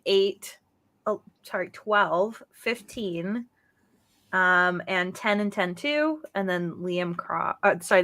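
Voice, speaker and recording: A woman's voice: medium pitch, pushed and bright. A chatty woman co-hosts a gaming podcast in easygoing talk. She laughs often and trails off while hunting for names. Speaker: podcast co-host. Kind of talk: casual chat.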